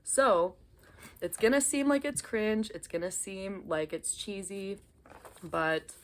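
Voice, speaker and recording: A woman's voice: mid-range voice, slow, slight background noise. A young woman talking casually to her camera at home, chatty and apologetic, with frequent ums and hesitations. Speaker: vlogger talking about inner child healing.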